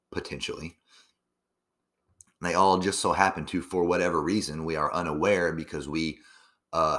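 A young man with a very deep voice talks in a meandering, casual monologue. He swears freely and keeps circling back with ums and restarts. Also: fairly bright tone. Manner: profane, meandering, lots of fillers and restarts.

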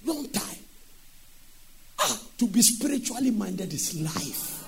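A man preaching a sermon, moving between speech and sung shouting. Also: high-pitched, sing-song, slow, gravelly, long pauses, faint music behind.

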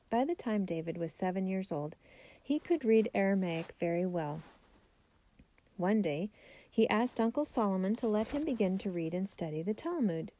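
A woman narrating a children's biography aloud in a steady, clear storytelling manner. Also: mid-range voice, moderate pace. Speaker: audiobook narrator.

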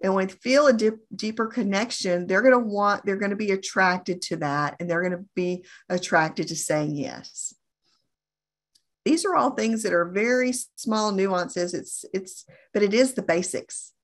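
A middle-aged woman coaching on phone sales in an earnest, deliberate way, often repeating herself for emphasis. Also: mid-range voice. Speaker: insurance sales trainer.

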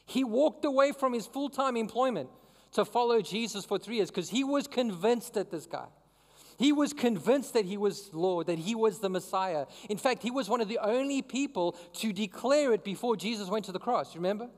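A male pastor preaches in a loose, conversational way, often turning questions back to the congregation. His voice sits high for a man. It carries a long reverb, as if in a big hall. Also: lively intonation, normal speed. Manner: conversational, asks the crowd questions. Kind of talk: sermon.

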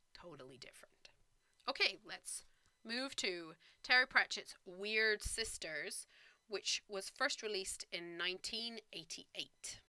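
A woman teaching English reads literature aloud to learners at an unhurried pace. Her voice is very bright and crisp. She explains each word patiently and laughs lightly now and then. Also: medium pitch, no room sound. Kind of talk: reading aloud and explaining vocabulary.

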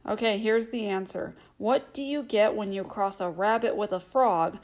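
A woman hosting a children's show, reading a bedtime story in a gentle, playful way. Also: medium pitch, normal speed, poor audio. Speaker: host and storyteller.

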